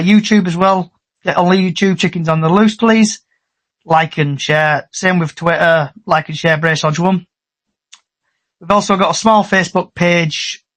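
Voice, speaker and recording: A man's voice: a little high, fairly bright tone. A man hosting a casual fan podcast, chatty and upbeat. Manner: chatty, upbeat, fast sign-off. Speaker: podcast host.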